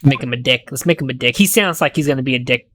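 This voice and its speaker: A woman's voice: extremely low pitch, fast talker, a little hiss or hum. A woman streamer giving casual game commentary, joking, swearing and stumbling over words.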